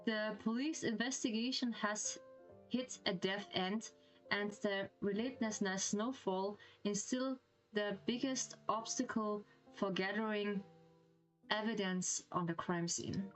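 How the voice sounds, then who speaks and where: A woman's voice: mid-range voice, fairly even intonation, slow pace, faint music behind, rough recording. A woman streamer with a German accent who reads a game story aloud and reacts with giggly, gushing comments.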